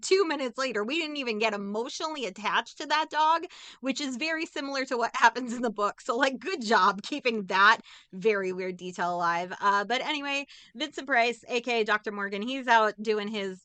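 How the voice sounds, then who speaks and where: A woman's voice: on the high side, pushed and bright, clean tone, no echo. A woman co-hosting a podcast, casually recapping a movie plot with sarcastic jokes. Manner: sarcastic, jokey, acts out characters' lines. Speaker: podcast co-host.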